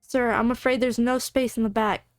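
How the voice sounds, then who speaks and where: A woman voicing a calm paramedic who speaks politely and steadily. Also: a little high, moderate pace, no echo, faint music behind, close to an everyday voice.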